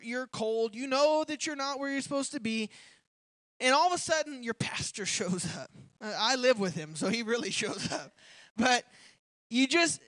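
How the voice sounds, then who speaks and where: A young preacher with a high, light voice delivers a sermon in a chatty, personal way, chuckling between points and rising to forceful peaks. The sound is close and dry, with no room echo. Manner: conversational, building to forceful emphasis.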